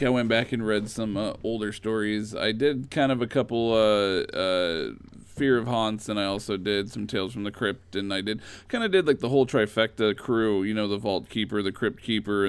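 A man casually retelling old comic stories in a rambling, animated way. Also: on the low side, normal speed, smooth, dry recording. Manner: rambling, animated storytelling with fillers.

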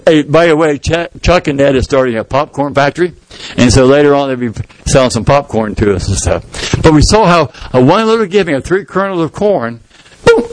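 A man's voice: fairly high pitch, no room sound, rough recording. A middle-aged man preaching a sermon as pastor in a folksy, storytelling way, acting out the people in the story. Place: church sanctuary.

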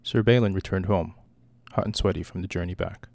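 A man giving a steady, measured scripted narration of a story with a gravelly voice. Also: deep voice. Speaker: audiobook reader.

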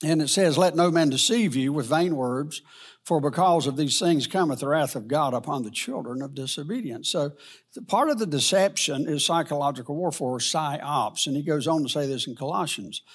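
A man teaching a Bible study lesson in a rambling, halting way, with many fillers and restarts. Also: a little high, breathy edge.

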